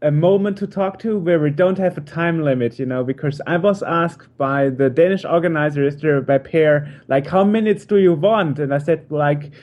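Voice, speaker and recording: A male interviewer asking questions in a casual, relaxed way, with fillers. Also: on the high side, normal speed, few pauses, dull audio.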